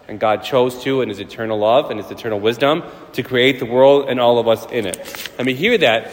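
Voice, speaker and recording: A man, a priest, giving a casual, storytelling sermon with playful voiced asides. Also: mid-range voice. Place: church. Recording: church hall reverb.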